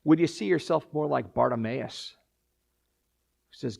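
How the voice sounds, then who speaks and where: A man preaching as a pastor, closing his sermon with a prayer, moving from quiet pleading to loud, urgent calls. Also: medium pitch, measured pace, creaky, husky.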